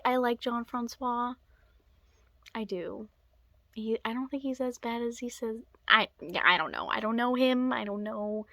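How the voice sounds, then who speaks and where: A woman's voice: mid-range voice, fairly bright tone, dry recording. A young woman chatting casually in a book-review vlog, rambling and dropping into whispered asides. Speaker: book vlogger.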